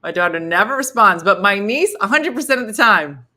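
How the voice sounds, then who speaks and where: A woman's voice: medium pitch, expressive, a little fast, bright, forceful tone. A middle-aged woman hosting a live morning comedy stream, chatty and laughing as she reads viewer comments aloud.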